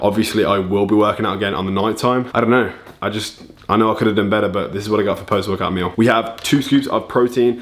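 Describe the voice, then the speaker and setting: Young male fitness vlogger with a low voice, chatty and foul-mouthed, mocking his own slip-ups. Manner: chatty, loose and profane, jokes at himself. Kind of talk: casual cooking and diet vlog. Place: home kitchen.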